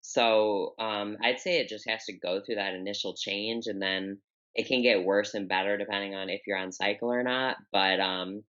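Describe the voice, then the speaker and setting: Young woman guest, unusually deep voice, forceful tone, candid and rambling, dull lo-fi audio. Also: steady tone, normal speed. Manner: open, candid, rambling with many fillers. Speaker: podcast guest, bodybuilder. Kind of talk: casual interview talk.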